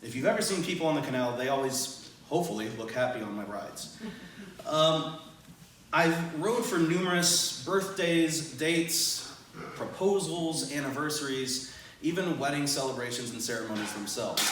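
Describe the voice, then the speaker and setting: A man tells a funny personal story live, playful and self-mocking, laughing along as he goes. His voice sits at an ordinary middle pitch. The sound bounces around a big echoey room and comes from some distance from the mic. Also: slight background noise. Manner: animated, self-deprecating, laughs often. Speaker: teacher telling a story on stage. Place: event venue with audience, large room.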